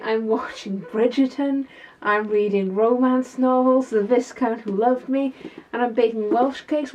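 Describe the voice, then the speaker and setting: A woman's voice: on the high side, mellow, distant mic, muffled recording, slight background noise, natural voice. Woman playing a sassy, fired-up woman mechanic. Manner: chatty, quick to get heated, laughs it off. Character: tough woman mechanic, sassy and fed up with stereotypes. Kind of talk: scripted character video diary.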